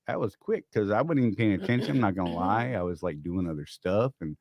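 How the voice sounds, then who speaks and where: A man's voice: deep voice, expressive, fast, a little mellow, dry recording, studio quality. A man co-hosting a trucking livestream, joking and rambling in a casual chat while greeting viewers by name.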